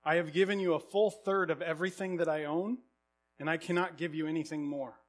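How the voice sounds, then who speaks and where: A loving, heartbroken father, as a man tells him, pleading gently with his son. The voice is fairly high for a man and stays close to the storyteller's own. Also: fairly even intonation, a little fast, a little hiss or hum, lightly acted.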